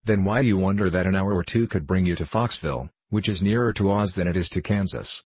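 A man's voice: low voice, fast, darkish tone, husky, dry recording. A man voicing a gracious fox king. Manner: courtly, gracious. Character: genial, courtly male fox king. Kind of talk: audiobook reading.

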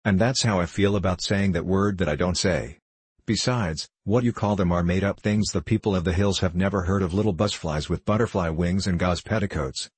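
A man's voice: low-pitched, husky, no room sound. A man voicing an ancient, mischievous male hill sprite in an audiobook, wry and knowing, sometimes scornful. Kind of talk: audiobook character reading.

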